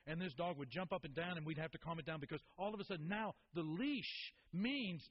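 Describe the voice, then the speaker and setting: Earnest preacher, muffled church recording. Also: male voice, fairly high pitch, fairly quick, hardly any pauses, slightly rough. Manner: earnest storytelling, repeats words for emphasis. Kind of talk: sermon.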